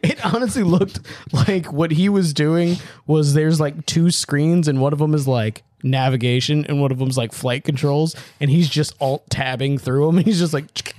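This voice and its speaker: Slightly high-voiced laughing podcast man. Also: moderate pace, dry recording, clean studio sound. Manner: laughs often, animated retelling of scenes. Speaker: podcast co-host. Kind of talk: casual movie-review chat.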